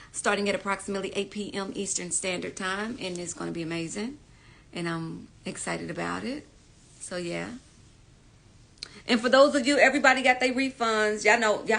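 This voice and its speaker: A woman hosts a casual live stream, greeting her viewers one by one and leaning on repeated words for emphasis. Her voice is bright and a little high.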